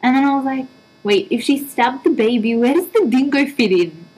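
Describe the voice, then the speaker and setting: A woman's voice: sits high, expressive, normal speed, a little mellow, husky, rough recording. A young woman, a university student, chatting casually and playfully, with a jumpy, giggly delivery. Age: young adult. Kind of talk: casual chat.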